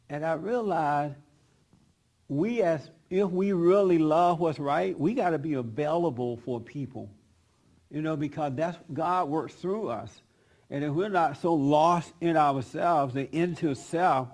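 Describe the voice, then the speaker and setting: Man, pastor, sermon anecdote, gravelly, slightly high voice. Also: darkish tone. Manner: retells a conversation, acting both sides. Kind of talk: sermon storytelling. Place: church service.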